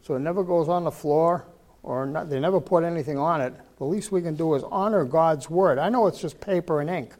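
Older man, preacher, chatty Bible teaching, rhetorical questions, stumbles and repeats, slightly high voice. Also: fairly quick, a little mellow. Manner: conversational, asks rhetorical questions, repeats words. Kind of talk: informal sermon.

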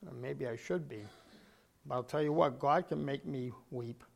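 An older man preaching a sermon, clearing his throat often and punching key words with sudden emphasis. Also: medium pitch, moderate pace, a little mellow.

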